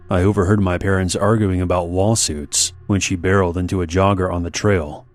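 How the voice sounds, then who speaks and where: Deep-voiced man narrating horror. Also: darkish tone. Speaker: story narrator. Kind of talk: scripted horror story narration.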